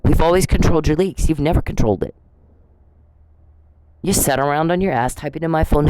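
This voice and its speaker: A woman's voice: sits low, fairly quick, pauses often, dark tone, smooth, dry recording, low-quality recording. A woman hosting her own channel, delivering an angry, profane, accusatory rant straight at the person she blames, hammering the same insults again and again. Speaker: channel host. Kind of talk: angry direct-address rant.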